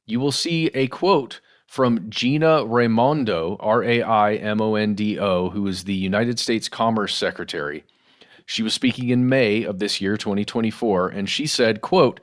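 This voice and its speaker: A man with a slightly low voice, chatting through the news as a podcast co-host. He talks loosely and conversationally, often throwing in "guys" and "y'all." He sounds middle-aged. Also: normal speed. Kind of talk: casual news discussion.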